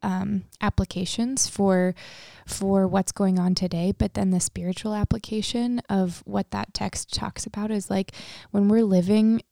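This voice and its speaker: A woman's voice: medium pitch, level tone, measured pace, gravelly, few pauses, warm tone, no room sound, clean studio sound. A woman co-hosting a faith podcast, talking earnestly with many fillers. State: emotional, near tears. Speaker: podcast co-host. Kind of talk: casual faith discussion.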